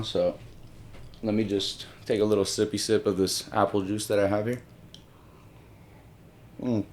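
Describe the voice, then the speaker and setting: A young man from Miami rambling casually on camera, with many restarts and some swearing, moving between English and Spanish. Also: fairly low pitch. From Miami, Florida. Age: young adult. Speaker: solo video host. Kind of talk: casual monologue.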